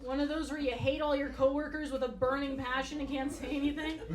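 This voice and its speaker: A woman doing a stand-up comedy set with a dry, blunt, profane deadpan delivery. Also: high voice, a little fast, music in the background. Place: comedy club stage. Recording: roomy club sound from far off. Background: audience laughter.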